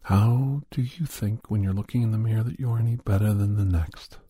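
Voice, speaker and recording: A man's voice: fairly low pitch, brisk, dark tone, breathy edge, no echo. A man giving a rambling, preachy moral monologue, often sliding into a whisper. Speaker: monologue speaker.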